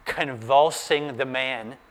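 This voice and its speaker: A male pastor preaching a sermon, telling the story in an animated way and urging his listeners to imagine the scene. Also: mid-range voice, takes it slowly, in a large hall.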